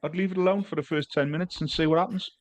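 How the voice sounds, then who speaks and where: Man, fast chatty football talk, slightly high, dry sound. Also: fairly even intonation, no room sound. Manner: quick, chatty, restarts often. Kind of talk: casual football chat.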